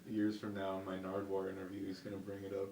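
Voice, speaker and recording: A young man giving brief, quiet replies as a co-host during casual chat. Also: deep voice, completely flat delivery, fast talker.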